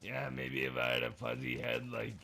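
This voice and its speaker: A man's voice: mid-range voice, big pitch swings, normal speed, creaky, bright, forceful tone, slight background noise. A man streaming a game, chatting casually with other players, joking, teasing and swearing freely.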